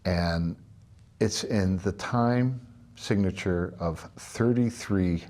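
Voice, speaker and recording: An older man giving a relaxed, chatty drum lesson, with many filler pauses. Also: deep voice. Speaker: drum instructor. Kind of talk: spoken music lesson.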